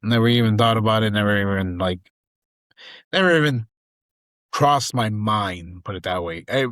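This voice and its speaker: Animated storytelling man, dry close sound. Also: lowish voice, moderate pace, no room sound. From Southern California. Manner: animated, profane, acts out quoted lines. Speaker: guest actor and comedian. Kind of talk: casual podcast storytelling.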